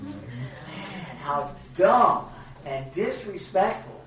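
A man co-hosting a casual Bible teaching, animated and joking, with emphatic rhetorical questions. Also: high voice, unhurried, muffled recording. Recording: echoey room from a distance.

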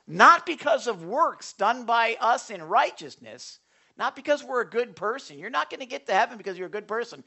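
A man preaching a conversational sermon. He uses a folksy style, checks in with his listeners, and swings between loud bursts and quiet asides. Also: high-pitched. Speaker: pastor.

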